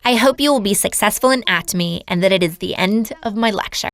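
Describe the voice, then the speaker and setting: A woman's voice: mid-range voice, fast, a bit bright. A woman giving a lecture as an earnest personal testimony, telling her story to a seminar audience. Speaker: seminar speaker.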